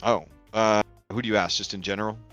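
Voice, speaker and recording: Gm telling the scene, casual and giggly, bright voice with faint music under. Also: medium pitch, steady tone, fast, lo-fi sound. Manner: laughs often, casual filler-heavy narration. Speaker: game master. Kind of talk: narrating a tabletop game.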